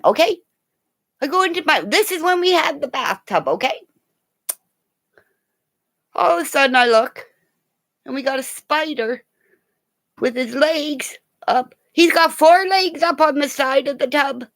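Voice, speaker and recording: An older woman with grandchildren, telling funny home stories in a casual, animated way, laughing often and swearing now and then. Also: high-pitched. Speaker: vlogger. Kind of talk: casual storytelling.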